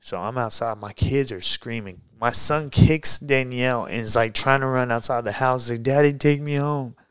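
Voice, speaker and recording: A man telling a personal story on a podcast, casual and profane, getting heated and animated as he recounts it. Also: medium pitch, moderate pace, smooth, no echo. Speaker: guest, pro MMA fighter.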